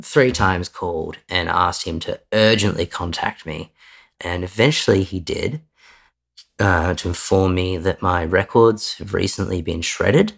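Deep gravelly man telling his story. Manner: earnest, with frequent restarts and self-corrections. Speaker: guest. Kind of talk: candid conversational storytelling.

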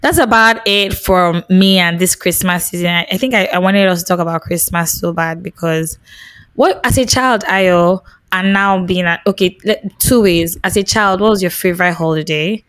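A woman's voice: lowish voice, moderate pace, fairly bright tone, clean tone, no room sound. A Nigerian woman co-hosting a podcast, talking expressively in a casual chat and mixing Pidgin phrases into her English. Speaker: podcast co-host.

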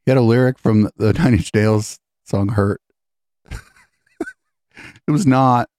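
A man's voice: mid-range voice, slow pace, pauses often, darkish tone, no echo, studio quality. A man hosting a podcast, mocking and profane, reacting incredulously to political clips. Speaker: podcast host. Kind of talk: sarcastic political commentary on clips.

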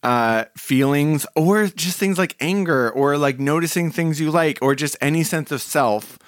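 A man's voice: on the high side, unhurried, no echo, clean studio sound. A man co-hosting a casual podcast, hesitant and mumbling, often trailing off. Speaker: podcast co-host. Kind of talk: casual chat.

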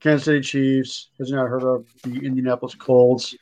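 A man co-hosting a podcast in casual chat, incredulous and quick to pile on. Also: mid-range voice, level tone, a little mellow.

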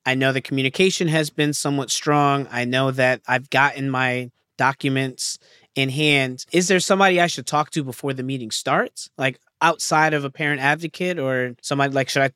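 A man hosting an interview podcast, asking questions in a warm, conversational way. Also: medium pitch, fairly even intonation, a little fast, clean tone, dry recording, studio quality. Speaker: podcast host.

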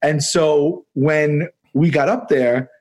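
A man in his forties, a podcast guest, telling a story in a rambling, animated way, with many restarts and laughs. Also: on the high side, slow. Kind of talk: casual storytelling.

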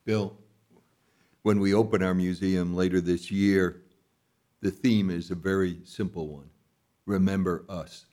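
Man, interview guest, somewhat low voice, grave, emphatic, storytelling. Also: steady tone, unhurried, pauses often, dark tone. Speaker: foundation leader, guest. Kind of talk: interview discussion.

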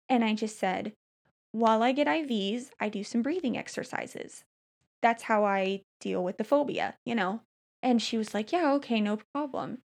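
A woman with a fairly high voice tells a long story in a relaxed chat, stopping and restarting often and padding with fillers. Her delivery is lively and personal, as if talking with a friend across the table. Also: gravelly. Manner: animated storytelling, frequent fillers and restarts, quick laughs. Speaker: storyteller recounting a hospital stay. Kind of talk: casual chat.

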